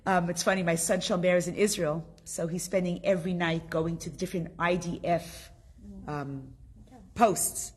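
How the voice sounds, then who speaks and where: A middle-aged woman from Canada teaching a casual group class, lively and chatty, often putting questions to her students. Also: fairly low pitch, moderate pace.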